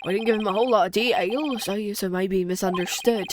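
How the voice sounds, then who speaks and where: A woman voicing a shifty young male sailor witness, attempting a Cornish accent that slips toward Scottish, with an evasive, flat tone. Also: mid-range voice, fast talker, noisy background, lightly acted. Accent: attempted Cornish, slipping Scottish. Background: game music.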